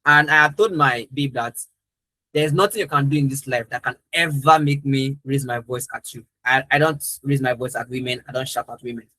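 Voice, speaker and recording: Bright-voiced young man giving an emphatic talk. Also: medium pitch, brisk, dry recording, poor audio. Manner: earnest, emphatic storytelling. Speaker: trainer. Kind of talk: live training talk.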